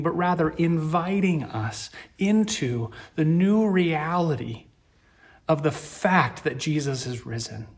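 A man preaching a sermon as a pastor, gentle and reflective, rising to earnest emphasis. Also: a little high, lively intonation, slow pace.

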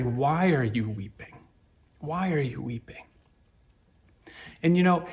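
A man preaching a sermon as a pastor, gentle and reflective, rising to earnest emphasis. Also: fairly high pitch.

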